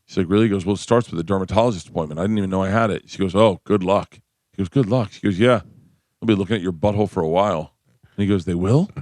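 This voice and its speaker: Fast-talking fifty-something man telling stories. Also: no echo. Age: 50s. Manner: animated storyteller acting out quotes in a shrill voice. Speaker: comedian guest. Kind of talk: casual storytelling chat. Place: radio studio.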